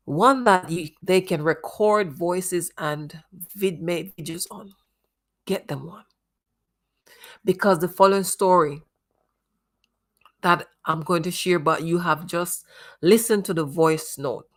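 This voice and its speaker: Slow, low-voiced woman host lecturing earnestly. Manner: earnest, moralizing, addresses parents directly. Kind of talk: commentary on a news case.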